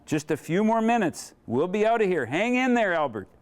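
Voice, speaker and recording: A man's voice: high-pitched, sing-song, moderate pace, voice pushed up. A man voicing a patient older grandfather who speaks in a controlled, soothing way.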